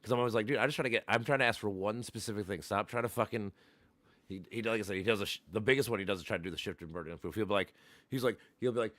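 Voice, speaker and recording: A man's voice: fairly low pitch, racing, no room sound. A man hosting a livestream, casually and profanely retelling an argument and acting out both sides. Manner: profane, animated, acts out both sides of a debate. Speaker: livestream host.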